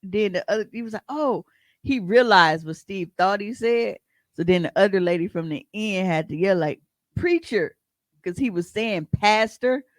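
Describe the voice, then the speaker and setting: A podcast co-host telling stories in a casual, profane and animated way, often breaking into laughs. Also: medium pitch, fairly quick, no echo. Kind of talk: casual storytelling chat.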